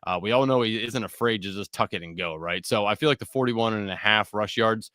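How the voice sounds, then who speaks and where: A man with a bright, forceful voice and a low-pitched tone talks through his sports betting picks in casual, joking chat. The sound is dry and close to the mic. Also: brisk, dry recording. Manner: laid-back, joking, laughs between picks. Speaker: co-host of a sports betting show.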